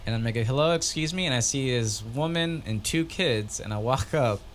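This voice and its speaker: A man's voice: mid-range voice, normal speed, slight background noise. A man co-hosting a casual podcast, telling a story animatedly and acting out dialogue in a raised voice. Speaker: podcast co-host.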